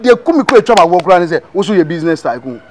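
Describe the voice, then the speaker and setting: A man's voice: sits high, sing-song, racing, slight background noise. A man voicing an exasperated friend who scolds and mocks a liar, with a Ghanaian accent, in a comic cartoon dub. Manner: scolding, shouting, mocking.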